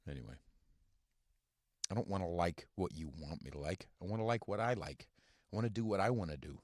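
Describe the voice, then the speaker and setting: A man's voice: sits low, animated, dry recording, clean studio sound. Profane, rambling man ranting in his car. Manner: profane, rambling, halting with many fillers. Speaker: podcast host. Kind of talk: casual rant.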